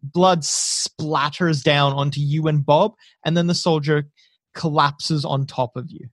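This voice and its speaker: Male game master, steady narration, higher pitch, dry close sound. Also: unhurried, no echo.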